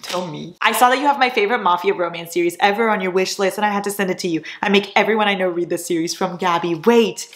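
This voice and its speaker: A young woman in her twenties, chatting excitedly as she opens gifts on her vlog, gushing and swearing casually. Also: mid-range voice, quick pace, few pauses. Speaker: book vlogger. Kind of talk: casual chat, reading fan notes aloud. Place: home room with shelves of DVDs. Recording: echoey room.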